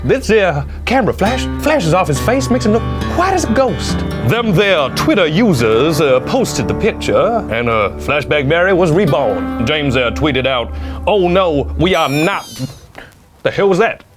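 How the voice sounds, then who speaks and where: A man voicing a folksy, rambling old cowboy storyteller with a put-on Southern drawl and gravelly voice. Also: on the high side, sing-song, over music. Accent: put-on American Southern. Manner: slow folksy drawl with fillers.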